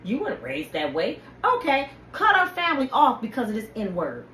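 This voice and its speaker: Heated, preachy woman with a lively high voice. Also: normal speed. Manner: heated, preachy, addresses viewers directly. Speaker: channel host. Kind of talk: impassioned personal rant to camera. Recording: echoey room with faint ambient noise.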